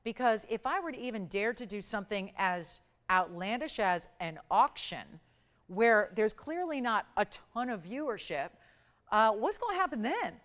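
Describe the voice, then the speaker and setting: A woman hosting a live jewelry shopping show, pitching pieces and counting prices down in an upbeat sales patter. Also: sing-song, normal speed, fairly bright tone. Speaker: shopping channel host. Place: TV studio.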